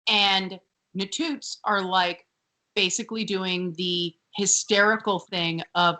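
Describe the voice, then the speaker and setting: A woman co-hosting a casual podcast, recapping scenes with sarcasm and mimicking characters. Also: slow pace. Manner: animated, sarcastic, mimics characters in high shrill bursts. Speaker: podcast co-host.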